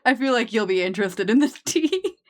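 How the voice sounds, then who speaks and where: A woman's voice: a little high, sing-song, fairly quick. A young woman streamer chatting casually while she draws, laughing often and swearing offhandedly.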